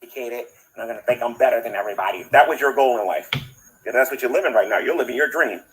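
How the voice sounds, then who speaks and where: Male ranter, quick and lecturing, mid pitch, insistent tone. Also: a bit bright, rough recording. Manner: scolding, insistent. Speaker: commentator in a played clip. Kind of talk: lecturing rant.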